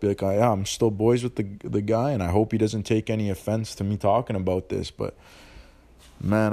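A young man hosting a podcast, ranting bluntly in profane street slang. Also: on the low side. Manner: animated, ranting. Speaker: podcast host. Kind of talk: casual monologue.

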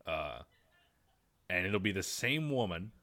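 A man's voice: low-pitched, very animated, slow pace, bright, forceful tone. A man co-hosting a casual podcast, making wry, joking complaints. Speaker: podcast co-host. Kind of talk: casual chat.

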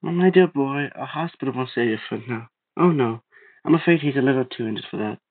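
A man voicing a calm, eerie man in black who comes for the dying, speaking softly and unhurried. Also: medium pitch, no echo. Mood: calm, soothing. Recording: tinny phone-like sound.

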